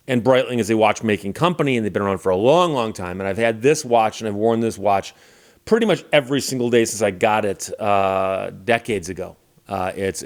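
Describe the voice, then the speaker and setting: A middle-aged man hosting his own channel, casually telling stories to camera in a relaxed, wry way and chuckling now and then. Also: medium pitch. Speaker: YouTube channel host.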